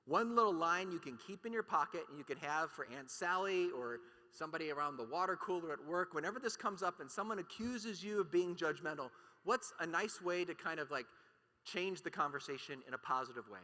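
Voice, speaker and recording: A man's voice: on the high side, expressive, fairly quick, pushed and bright. A man giving an impassioned keynote talk at a conference, emphatic and full of rhetorical questions. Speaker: conference speaker. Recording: long hall reverb.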